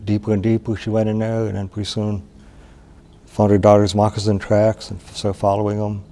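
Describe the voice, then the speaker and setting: Male storyteller from Wisconsin, low gravelly voice, mellow, unhurried oral telling. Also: completely flat delivery. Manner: unhurried, plain-spoken, with pauses and restarts.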